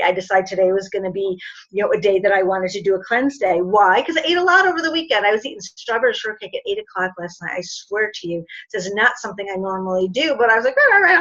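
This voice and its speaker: A woman's voice: mid-range voice, a bit bright, slightly rough. A middle-aged woman, a naturopathic doctor, giving an informal health talk to an audience and often checking in with "okay?" and "you know". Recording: dull lo-fi recording.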